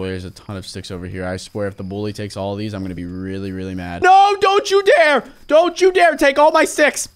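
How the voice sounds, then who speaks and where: A young man giving excitable game commentary, swinging from hushed muttering to frantic yelling. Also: on the high side, clean tone. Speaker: gaming YouTuber.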